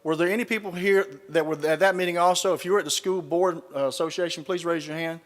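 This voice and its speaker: A man's voice: on the high side, steady tone, fast. Middle-aged Southern man, dry storyteller, on stage in a big echoing hall. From Southern United States. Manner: folksy storytelling with dry punchlines. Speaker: keynote speaker. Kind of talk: speech with humorous anecdotes. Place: large conference hall, live audience. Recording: reverberant hall.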